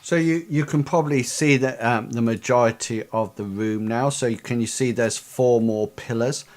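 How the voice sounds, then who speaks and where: A man running a tabletop game as game master, narrating haltingly with many ums. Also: mid-range voice. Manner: halting, full of ums and fillers.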